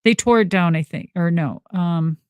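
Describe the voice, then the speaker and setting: A woman from Minnesota telling stories in casual talk, lively and profane, laughing often as she answers live questions. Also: on the low side, normal speed, clear, resonant tone, dry recording. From Minnesota, USA. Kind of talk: casual storytelling.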